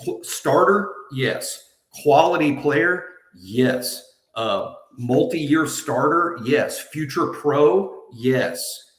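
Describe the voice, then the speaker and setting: A man's voice: a little high, animated, extremely slow. A man co-hosting a casual sports talk show, emphatic and often repeating himself. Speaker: co-host. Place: nearly empty house being moved out of. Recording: echoey empty room.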